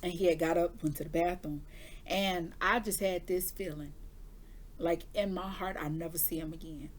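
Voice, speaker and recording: A woman's voice: lowish voice, fairly even intonation, moderate pace. A woman who does intuitive readings, telling her viewers a personal story in a candid, chatty way. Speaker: intuitive reader giving weekly forecasts.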